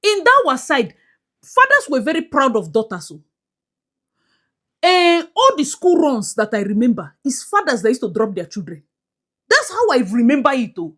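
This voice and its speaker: A woman's voice: sits high, sing-song, moderate pace, a bit bright. A woman with a Nigerian accent talking to her viewers in a casual commentary vlog, emphatic, with pidgin-flavored asides. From Nigeria, Port Harcourt. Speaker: YouTube commentator.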